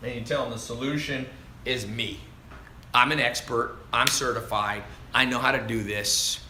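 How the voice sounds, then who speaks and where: Male livestream coach, casual and chatty, forceful bright tone, faint background ambience. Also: medium pitch, normal speed, a little hiss or hum. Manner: animated and chatty, calls listeners dude and man. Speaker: online business coach answering live viewer questions. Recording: roomy echo with faint ambience.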